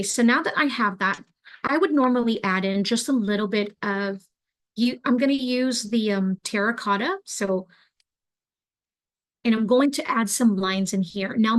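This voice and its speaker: A young adult woman teaching an online craft class, talking in a relaxed, chatty way with lots of fillers as she demonstrates. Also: on the high side, moderate pace. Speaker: craft instructor.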